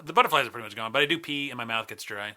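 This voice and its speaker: A man's voice: mid-range voice, rapid-fire, sharp tone. A man who is a stand-up comedian, a guest on a casual podcast, teasing and swearing loosely. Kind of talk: casual chat.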